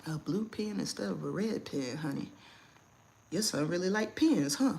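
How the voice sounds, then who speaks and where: Woman host, lower-pitched, blunt and animated casual livestream chat from home. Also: moderate pace, vocal fry. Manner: blunt, animated, laughs often.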